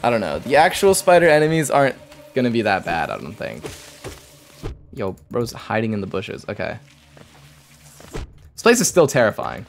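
A man's voice: medium pitch, huge pitch swings, moderate pace, vocal fry, pauses often, faint music behind. A young man streaming a game live, talking to himself in jumpy, nervous chatter and swearing often. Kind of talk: live gameplay commentary.

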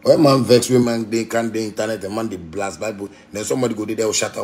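A man's voice: on the low side, animated, quick pace, few pauses, darkish tone, a little hiss or hum. A man with a Ghanaian Pidgin English accent, ranting bluntly and defiantly to fans on a phone livestream. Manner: blunt, defiant, repetitive, swears freely. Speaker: musician talking to fans live. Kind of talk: livestream rant.

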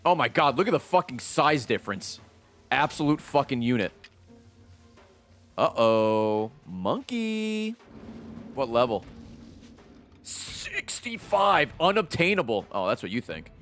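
A man in his thirties commentating live on his gameplay, swearing and reacting loudly and excitably. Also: mid-range voice, measured pace, soft background music. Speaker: streamer playing a video game.

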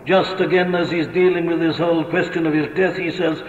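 A man's voice: fairly high pitch, little pitch movement, a little fast, a little hiss or hum. A man preaching a sermon, impassioned and emphatic, who asks question after question and repeats his points. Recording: lo-fi archive recording in an echoey hall.

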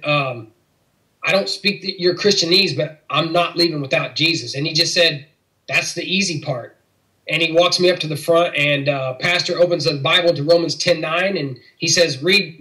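A man's voice: fairly high pitch, bright, forceful tone, low-quality recording. A middle-aged man from Missouri, an interview guest, earnestly telling a personal faith testimony and acting out the voices of people in it. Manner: earnest storytelling, acts out quoted dialogue.

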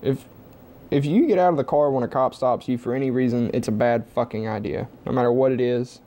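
A man's voice: mid-range voice, steady tone, brisk, dark tone. A young man at home giving a blunt, heavily profane opinion monologue to camera. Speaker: vlogger.

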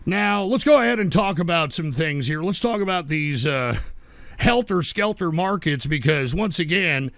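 A man hosting a live call-in stream, reading viewer messages aloud and scolding trolls in an exasperated way, often breaking into shouts. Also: fairly high pitch, animated, moderate pace, no echo. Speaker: livestream radio host.

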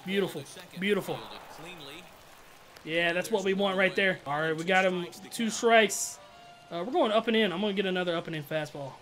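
A man giving casual, slangy commentary over his own gameplay, excitable and trash-talking, with loud outbursts. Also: sits high, fairly quick, long pauses, soft background music. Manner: slangy, keeps saying bro and dog. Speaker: gaming YouTuber.

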